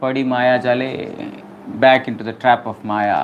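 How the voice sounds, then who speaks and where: A man's voice: mid-range voice, moderate pace, muffled recording, slight background noise. A man giving a devotional lecture, acting out scenes and singing verses between explanations. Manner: animated, acts out scenes. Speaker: preacher.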